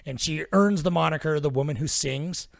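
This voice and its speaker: Gravelly man recapping a film plot. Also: on the high side, normal speed, dry recording, clean studio sound. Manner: rambling, profane plot retelling. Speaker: podcast host. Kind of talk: casual film-recap chat.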